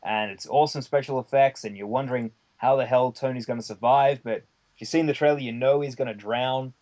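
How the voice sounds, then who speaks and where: A man of middle pitch talks his way through a long story as a podcast guest. His delivery is loose and conversational, full of fillers and the odd curse as he builds the tale. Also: steady tone, fairly quick, darkish tone, muffled recording. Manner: rambling anecdote with many fillers and casual swearing. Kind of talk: casual storytelling chat.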